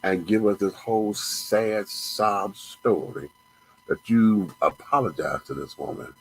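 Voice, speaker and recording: Speaking unhurriedly in a lowish voice, a man hosting a show delivers angry, profane commentary, going over the same points again and again. The audio is poor, with slight background noise.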